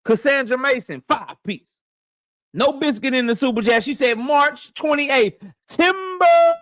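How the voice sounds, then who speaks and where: A high-pitched man talks casually into a dry, close mic from his office. He hosts a live stream, cursing freely and greeting viewers one after another. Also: measured pace, no echo. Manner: loose, profane, shouting out viewers by name. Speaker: boxing live-stream host. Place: home office.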